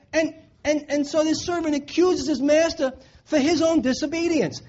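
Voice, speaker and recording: A man preaching a sermon in an earnest way, repeating his points for emphasis. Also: extremely high pitch. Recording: dull lo-fi recording.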